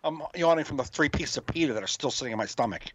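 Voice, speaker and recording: A man's voice: medium pitch, expressive, fairly bright tone, lo-fi sound, a little hiss or hum. A man co-hosting a podcast in casual chat, agreeing often and telling his own stories. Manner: agreeable, frequent quick back-channel replies. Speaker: podcast co-host.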